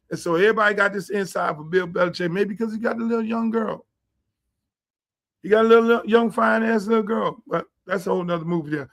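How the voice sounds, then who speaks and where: A middle-aged man from Miami runs his own show in a blunt, profane, animated commentary style. His voice sits high for a man, and he often drops into quoted voices of the people he talks about. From Miami, Florida. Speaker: host.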